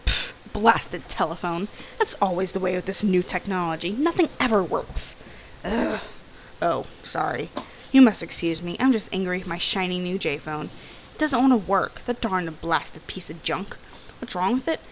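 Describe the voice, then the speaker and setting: Grumpy older engineer, read by a woman; gruff, muttering, old-fashioned complaints, game dialogue. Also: lowish voice, lively intonation, moderate pace, a little hiss or hum, low-quality recording. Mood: grumbling. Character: grumpy older engineer grumbling about gadgets. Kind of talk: reading game dialogue aloud.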